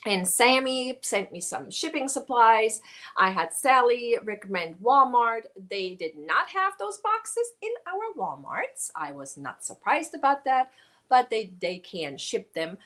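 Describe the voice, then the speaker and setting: A woman hosts a casual livestream, greeting viewers by name and thanking them while reading their comments. Her voice is on the high side and a bit bright, with a sing-song lilt and a slightly slow pace.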